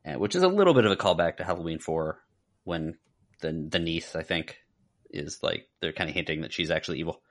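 On a laid-back podcast, a co-host with a very deep, low voice reviews a film fairly quickly. He loops back, starts over mid-sentence and fills gaps with lots of filler words.

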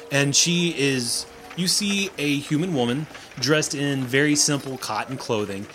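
A man's voice: on the high side, slight background noise. A man narrating a tabletop role-playing session as game master, describing scenes and voicing townsfolk. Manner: animated, acts out characters.

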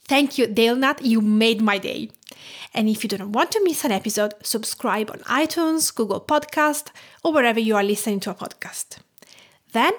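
A woman with an Italian accent hosts a cooking podcast in a scripted, enthusiastic way. Her voice sits a little high, and she talks about food with lively, descriptive care. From Tuscany, Italy. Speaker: podcast host and home cook.

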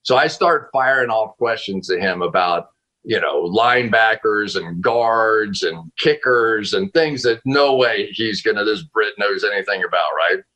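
A man being interviewed as a football analyst over a video call from home, telling a story in a casual, animated way with frequent laughs and restarts. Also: fairly low pitch, unhurried, low-quality recording.

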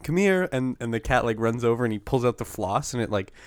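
A man co-hosting a casual podcast chat, telling stories with animated laughter and casual swearing. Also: medium pitch, quick pace, clean tone, dry recording, clean studio sound.

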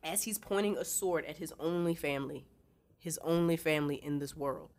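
A woman with a lowish voice talks through a book chapter on a podcast. Her speech is loose, slangy and animated. She often slips into voicing the characters she describes. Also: a little fast. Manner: animated, slangy, retells scenes in quoted voices. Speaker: podcast co-host. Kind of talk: casual book discussion.

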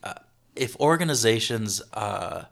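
A man being interviewed as a consultant, speaking in a halting way with many restarts and repeated words. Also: lowish voice, expressive, vocal fry, fairly bright tone. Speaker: consultant guest. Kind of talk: interview conversation.

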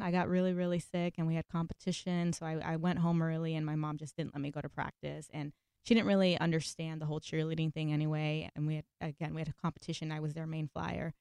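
A woman's voice: lowish voice, darkish tone, clear, resonant tone, no room sound, studio quality. A young woman from Los Angeles, a guest telling her story in a candid, chatty interview. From Los Angeles, USA. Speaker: guest actress. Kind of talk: casual podcast interview.

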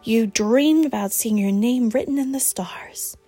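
A woman voicing a lively young woman who is a protective best friend, emphatic and teasing, raising her pitch for the part. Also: unhurried, slightly rough.

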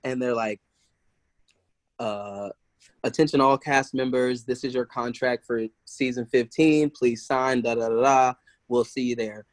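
A man chatting as a podcast guest, telling stories in a loose, conversational way. He slips into other people's voices as he retells events and laughs easily between lines. His speaking voice sits at a middling pitch. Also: unhurried, no echo, low-quality recording. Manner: animated, acts out quoted voices, laughs often. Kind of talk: casual storytelling interview.

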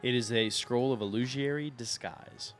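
Casting: a male game master, mid-pitched, steady and descriptive, with music underneath. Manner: measured, describing finds and calling for rolls. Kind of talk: narrating a tabletop game.

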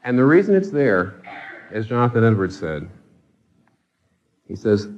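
A man's voice: mid-range voice, big pitch swings, unhurried, lo-fi sound. A man preaching a sermon with passion, pressing his listeners with pointed rhetorical questions. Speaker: pastor.

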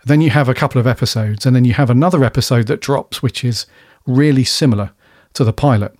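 A man's voice: medium pitch, fast talker, a little mellow. A man in easygoing podcast conversation, talking through a TV episode in a loose, rambling way. He swears casually and laughs along as he goes. His voice sits close and dry, with no room echo around it. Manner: laid-back and chatty, swears freely, laughs often. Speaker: podcast co-host reviewing a TV episode. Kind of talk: casual chat.

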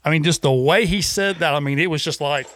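A man co-hosting a casual fishing talk show, animated and rambling, with many restarts. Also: on the high side, fast talker. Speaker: co-host.

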